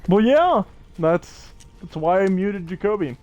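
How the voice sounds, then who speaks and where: Soft music runs in the background as a young man talks through a survival game on stream, his high voice expressive and darkish in tone over dull audio. He jumps from joke to joke with his viewers and friends and is quick to laugh.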